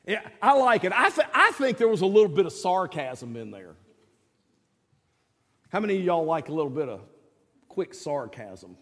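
A man's voice: high voice, sing-song, normal speed, long pauses, a bit bright, long reverb tail. A man preaching a sermon in a conversational way, quizzing the congregation with questions and touches of sarcasm.

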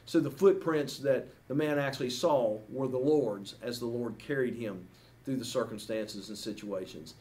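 A man's voice: medium pitch, moderate pace, a little mellow. A man preaching a sermon as pastor, earnest and emphatic, asking the congregation repeated rhetorical questions and ending with a prayer.

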